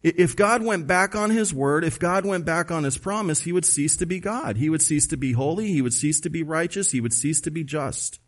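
Male pastor, slightly higher voice, emphatic conversational preaching, checks in with the listeners. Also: fairly quick, few pauses. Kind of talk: sermon.

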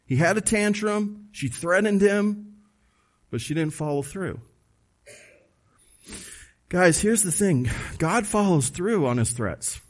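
Male pastor, slightly higher voice, emphatic conversational preaching, checks in with the listeners. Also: lively intonation, takes it slowly, long pauses. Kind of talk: sermon.

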